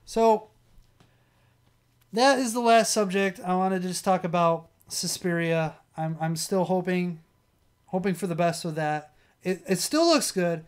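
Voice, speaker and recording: A man's voice: high-pitched, measured pace, clear, resonant tone. A man with a strained, worn voice hosting a livestream, chatting casually and rambling through restarts and chuckles. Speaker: livestream host. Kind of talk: casual chat.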